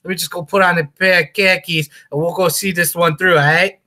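A man voicing a brash male Boston-Philly sports fan in an exaggerated mock Boston accent, loud and swaggering. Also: sits high, steady tone, brisk.

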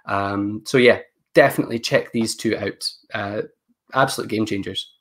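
Male trainer, relaxed, thinks aloud mid-demo, computer mic on a call. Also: lowish voice, moderate pace. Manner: casual, thinks aloud while clicking through settings. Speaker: education technology presenter. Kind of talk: live online training session.

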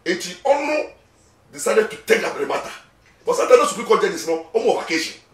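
A Ghanaian-accented lawyer, guesting on an interview, speaks emphatically in a brisk, sing-song, high voice, repeating words as he goes. His animated talk mixes Twi and English, captured from a distant mic in an echoey room.

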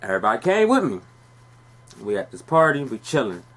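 A man's voice: mid-range voice, big pitch swings, fairly quick, fairly bright tone. An actor playing a young man on a phone call who tells a rambling, profane story about a party night, defensive and streetwise. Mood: recounting. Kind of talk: scripted monologue.

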